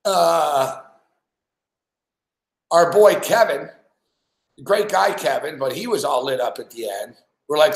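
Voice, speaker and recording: Hosting a podcast, a young man from Montreal, Canada, tells a crude, rambling story, slow and full of pauses, swearing nonstop and stuffing his lines with "like" between laughs. His voice is slightly high for a man, and the room echoes noticeably.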